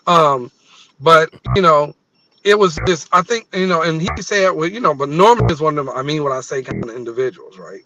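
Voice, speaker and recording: A man co-hosting a live show over a video call, telling stories in a casual, animated way that often trails off and restarts. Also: on the high side, a little fast, no echo, muffled recording. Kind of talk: casual chat.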